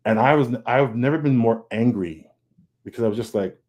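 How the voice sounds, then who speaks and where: A man's voice: mid-range voice, fairly quick, dull audio. A man, a comic book artist, speaking in a casual, candid panel talk over a video call. He is earnest, restarts often, repeats words and acts out his own thoughts. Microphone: video call mic.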